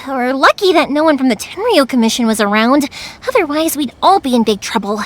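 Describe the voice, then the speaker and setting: A woman voicing a lively young fireworks maker and caring daughter in a video game dub, energetic and patient. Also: sits high, a little fast, a little hiss or hum. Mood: warm. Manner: bright and energetic, patient with her father.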